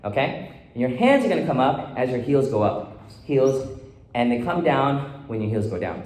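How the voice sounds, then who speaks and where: A man's voice: medium pitch, lively intonation, normal speed, a little mellow. A man teaching dance choreography, counting beats and calling out steps in rhythm. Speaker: dance instructor. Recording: echoey room with faint noise.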